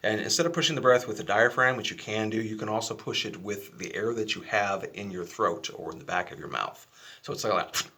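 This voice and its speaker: Male video flute teacher, casual and easygoing, low voice with a bright edge. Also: brisk, slight background noise. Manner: relaxed, chatty, self-deprecating.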